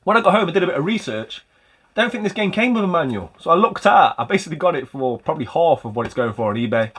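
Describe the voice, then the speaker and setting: A man's voice: on the high side, sing-song, racing, fairly bright tone, husky. A man hosting a casual vlog about retro game pickups, chatty and rambling with a light self-mocking humor. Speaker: retro game collector and channel host.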